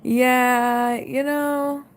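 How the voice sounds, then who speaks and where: With a high voice and drawn-out words, a US livestream host in her 20s rambles casually to viewers late at night, leaning heavily on "like." Slight background noise is present.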